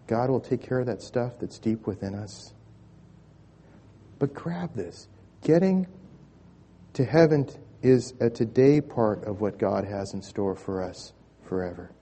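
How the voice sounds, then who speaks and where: A man with a mellow, warm voice preaching a sermon as pastor. He talks through his points in a storytelling way, then rises to emphatic, swelling peaks, often repeating words as he goes. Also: medium pitch.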